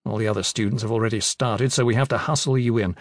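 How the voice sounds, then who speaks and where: A man voicing a steady, wry adult male leader in an audiobook, speaking calmly and firmly. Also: mid-range voice, fast talker, no room sound, clean studio sound, natural voice. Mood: brisk. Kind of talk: audiobook character voice.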